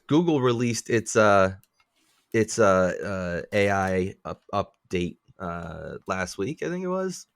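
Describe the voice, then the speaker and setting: Low-voiced profane man ranting on a podcast. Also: slow, vocal fry, clean tone, dry recording, studio quality. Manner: profane, ranting, animated complaints. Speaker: podcast co-host. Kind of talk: casual chat.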